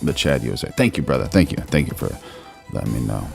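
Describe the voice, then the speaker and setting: A man with a very low, gravelly voice hosts a casual live stream. He chats loosely with viewers, reads their comments aloud and tosses "bro" into nearly every sentence. Faint music plays underneath. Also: sing-song, fast. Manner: laid-back, calls everyone "bro", reads chat aloud.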